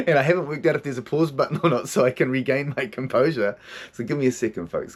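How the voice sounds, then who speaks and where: A man's voice: mid-range voice, quick pace. A middle-aged man from New Zealand, a counselor hosting his own podcast, talking in a raw, emotional, heavily swearing way. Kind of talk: confessional solo podcast talk.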